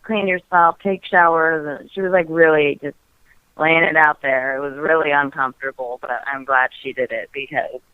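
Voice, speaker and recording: A woman's voice: deep voice, steady tone, brisk, smooth, no room sound. A woman guest telling a personal story candidly and casually, giggling often and filling her talk with "like". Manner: giggly, frank, heavy use of "like" fillers. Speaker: podcast guest. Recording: tinny phone-like dry audio.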